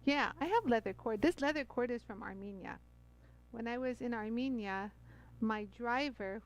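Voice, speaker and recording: Middle-aged woman, high voice, effusive live-stream host who chats nonstop with viewers. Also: poor audio. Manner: bubbly, chatty, many fillers, addresses viewers as "you guys". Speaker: host of a live jewelry tool demo. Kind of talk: live-stream product demo.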